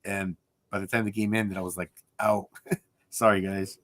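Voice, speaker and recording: A man's voice: low-pitched, little pitch movement, normal speed, a bit bright, no echo. A man co-hosting a casual live stream, telling loose, rambling anecdotes full of restarts.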